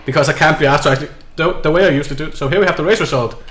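A man's voice: fairly high pitch, very fast, fairly bright tone, roomy sound. A man giving casual, sarcastic commentary while streaming a sim racing game, swearing and mocking himself.

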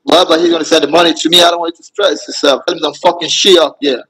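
A man's voice: on the high side, fairly even intonation, fast, a crowd in the background, rough recording. A man on a voice chat, pleading and sweet-talking in broken English, calling her baby over and over. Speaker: scammer. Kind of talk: romance-scam voice chat.

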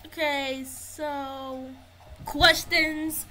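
A woman's voice: high voice, slow pace, pauses often, bright, forceful tone, a little hiss or hum, rough recording. A woman giving casual gameplay commentary, narrating what she finds as she explores. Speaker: gamer.

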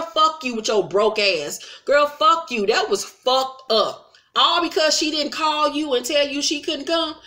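A woman's voice: fairly high pitch, fairly bright tone. A woman recapping a reality show in a casual vlog, blunt and profane, retelling scenes with mocking quoted voices.

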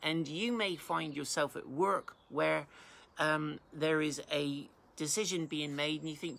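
A man's voice: fairly high pitch, moderate pace, vocal fry, a bit bright, a little hiss or hum. A man pastor from England giving an informal Bible talk, reading verses aloud and then explaining them in plain words.

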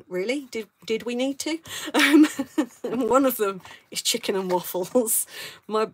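A middle-aged woman from London with a southern English accent, chatting casually and rambling as she hosts a live craft stream, laughing often. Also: on the low side. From south of England, London. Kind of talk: casual chat while crafting.

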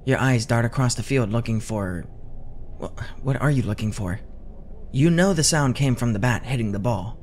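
A man giving scripted second-person horror narration in a measured, tense way. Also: mid-range voice, a little mellow, slight background noise.

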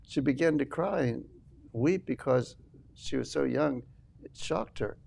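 A man's voice: medium pitch, animated, unhurried, gravelly, darkish tone, husky. An older man, a minister guest on an interview show, telling an earnest family testimony and acting out quoted dialogue. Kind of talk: storytelling testimony.

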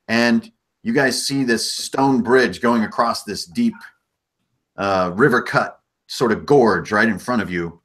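A man's voice: medium pitch, a bit bright. A man narrating a tabletop game as game master, easygoing and loose.

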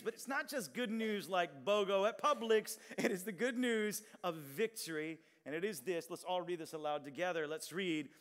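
A man pastor preaching an energetic sermon, drawing out key lines and getting the congregation to respond. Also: sits high. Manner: animated preaching, shouts and drawn-out emphatic lines, audience call-and-response. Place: large church hall with long reverb. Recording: reverberant church hall.

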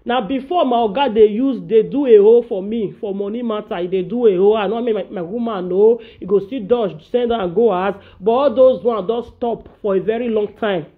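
A woman's voice: medium pitch, brisk, few pauses. A woman with a Nigerian Pidgin accent ranting to her viewers, repeating phrases to drive each point home. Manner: emphatic, repeats phrases for stress. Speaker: vlogger. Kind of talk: casual ranting monologue. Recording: dull lo-fi audio.

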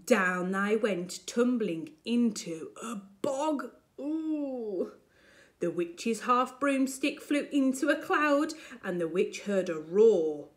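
A woman primary school teacher reading a picture book aloud to children with expressive storytelling. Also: on the high side. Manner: expressive, slow and deliberate storytelling.

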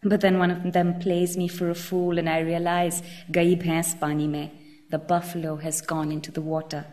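A woman's voice: on the low side, flat delivery, moderate pace, a little mellow, pitched below the performer's own voice, natural voice. A woman reading a book passage aloud, voicing a vigorous, boastful man who lectures in local slang. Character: boastful male bar patron, leering and chatty.

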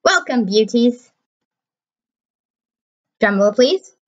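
A woman voicing a flamboyant male robot quiz-show host, announcing in a drawn-out, theatrical way. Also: fairly high pitch, expressive, lo-fi sound. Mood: showy.

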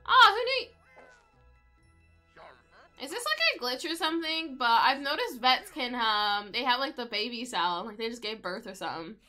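A woman's voice: fairly high pitch, lively intonation, moderate pace, pushed and bright, faint music behind. A young woman giving casual, chatty commentary while playing a life-simulation game, often talking to the pets on screen. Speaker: gaming video creator.

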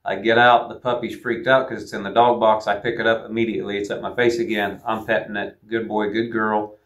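Laid-back low-voiced man explaining puppy training. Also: little pitch movement, fast, a bit bright. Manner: plain-spoken, laid-back, repeats phrases. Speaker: hound trainer. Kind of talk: casual instructional talk.

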